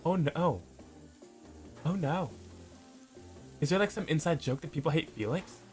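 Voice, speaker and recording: A man's voice: on the high side, animated, measured pace, soft background music. A man playing a dating sim, reading its text aloud and reacting with playful jokes. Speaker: let's play gamer.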